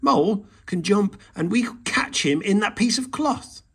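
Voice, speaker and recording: A man reading a storybook aloud and voicing a boastful, excitable male rabbit. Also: high-pitched, a little slow, gravelly, husky, pitched above the performer's own voice, exaggerated voice. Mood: excited. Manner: boastful cries.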